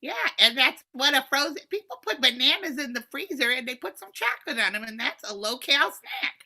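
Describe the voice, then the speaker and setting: A woman's voice: animated, fairly quick, bright, forceful tone, heavily acted. A woman improvising a brash, scattered neighbor in her late fifties, talking emphatically in a comedy scene. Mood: scheming, flighty. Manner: emphatic, scattered, swoops up in pitch. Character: brash 58-year-old woman neighbor Karen, scheming and flighty. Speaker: improv performer.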